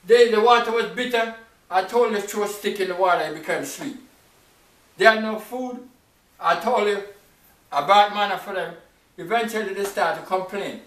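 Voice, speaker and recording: A male preacher delivering an emphatic sermon full of rhetorical questions and sudden leaps in pitch. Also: normal speed, long pauses, a bit bright. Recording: echoey room, mic at a distance.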